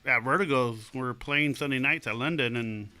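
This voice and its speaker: Bright-voiced middle-aged DJ guest. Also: male voice, medium pitch, normal speed, soft background music. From Southern California. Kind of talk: casual chat.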